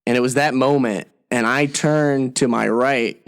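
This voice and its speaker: A man's voice: mid-range voice, a little slow, smooth. A young man, an actor, co-hosting a comedy podcast, telling stories with lots of swearing and acted-out quotes. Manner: animated, profane, acts out quotes. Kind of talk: casual comedy chat, storytelling.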